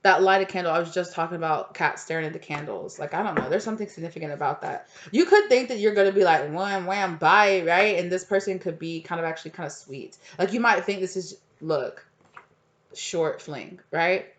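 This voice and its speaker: A woman with a lowish, brisk voice gives a tarot reading at home with her cat. The reading is casual and rambling, chatty and stuffed with fillers and asides.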